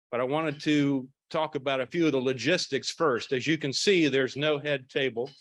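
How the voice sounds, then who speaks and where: A man in the role of club president speaks into a podium microphone, his mid-pitched voice sounding dry and close despite the large room around him. He delivers a formal welcome and announcements in an orderly, genial manner. Now and then he slips in a light, self-deprecating aside. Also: fairly bright tone, dry recording. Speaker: club president opening a luncheon meeting. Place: large banquet room with a crowd.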